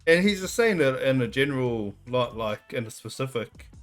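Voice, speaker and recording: Aussie man, mid pitch, relaxed reaction host who acts out quotes, faint music under him. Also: moderate pace. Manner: laid-back, joking, acts out quotes. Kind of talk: casual reaction chat.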